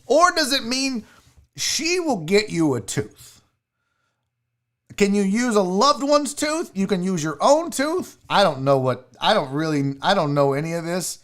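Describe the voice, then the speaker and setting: A man's voice: sits high, big pitch swings, measured pace, a bit bright. A man hosting a live comedy stream, ranting with profanity and disbelief while reading the chat aloud. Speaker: live show host.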